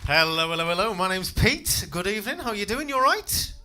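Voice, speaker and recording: A young man performs stand-up on a club stage with a bright, sharp voice that swings lively up and down. He is cheeky and self-deprecating, swears freely and chats straight to the crowd. A faint hiss sits under the mic. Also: sits high, fairly quick. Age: 20s. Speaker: stand-up comedian. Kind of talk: stand-up comedy set.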